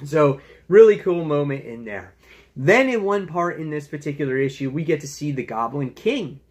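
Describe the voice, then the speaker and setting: A man's voice: fairly high pitch, lively intonation, moderate pace, a little mellow. A man hosting his own comic book review channel, talking in an enthusiastic, chatty way full of fillers. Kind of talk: casual review vlog.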